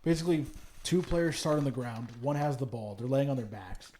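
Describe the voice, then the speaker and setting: A man's voice: mid-range voice, expressive, brisk, dark tone. A young man co-hosting a podcast in casual chat, rambling, cursing and restarting his sentences. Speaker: podcast co-host.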